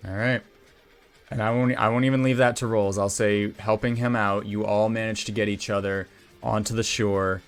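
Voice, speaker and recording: A man narrates as game master in a loose, casual way with frequent restarts. His voice sits low. Faint music runs underneath. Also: steady tone, normal speed.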